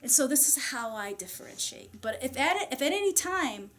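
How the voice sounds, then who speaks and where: A woman's voice: high-pitched, sing-song, moderate pace, a bit bright. A woman channeler speaking to an audience in a casual, chatty way, full of fillers and small laughs. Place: society meeting room.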